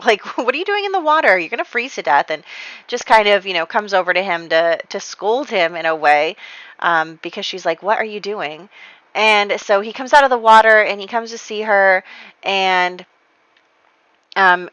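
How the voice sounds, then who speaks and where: A woman's voice: medium pitch, pushed and bright, no room sound, poor audio. A woman casually narrating her life-simulation gameplay, chatty with frequent laughs. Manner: chatty, laughs often, many fillers. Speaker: game let's player.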